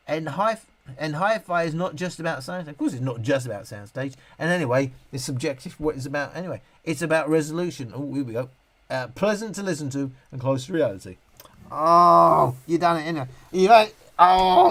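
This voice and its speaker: A man hosting a casual live stream, reading chat questions aloud and ranting with frequent laughs. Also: fairly high pitch. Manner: animated, ranting, laughs often. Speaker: livestream host answering chat questions.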